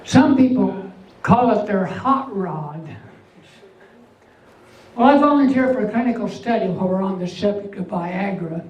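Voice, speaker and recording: An older man with an unusually high voice doing a stand-up comedy set, delivering deadpan one-liners with pauses before each punchline. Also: highs cut off. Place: veterans' hall event room. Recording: echoey hall, mic far off, faint hum.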